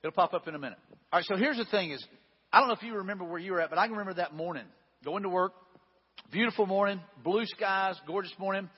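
A man preaching a sermon, moving between reading scripture and chatting with the congregation in a folksy way. His voice sits a bit high for a man and has a husky edge. The sound is dull and lo-fi, with a long reverb tail filling the hall. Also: fast talker. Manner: conversational, folksy asides with restarts. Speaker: pastor.

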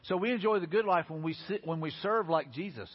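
A man's voice: high voice, expressive, fast, husky. A man preaching a sermon as pastor in a casual, conversational way, talking straight to the congregation. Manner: casual, conversational preaching with lots of "hey, listen" and "you know". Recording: long hall reverb, dull lo-fi sound.

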